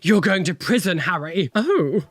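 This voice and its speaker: A young man rambles through a casual reaction video, his voice sitting a little high for a man. He exclaims and swears freely as he talks. Faint music plays behind him. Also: animated, brisk, a bit bright, no room sound, clean studio sound. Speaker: tattoo reaction video host.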